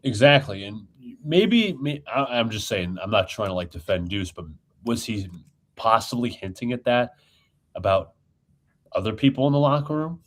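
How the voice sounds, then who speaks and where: A man's voice: mid-range voice, big pitch swings, normal speed. A man co-hosting a live basketball talk stream, agreeing and raising points tentatively. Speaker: podcast co-host. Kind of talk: sports talk chat.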